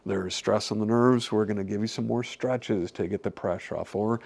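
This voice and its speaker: A middle-aged man, a chiropractor, giving a casual health talk to patients, animated and acting out quotes with laughs. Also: lowish voice, normal speed, vocal fry.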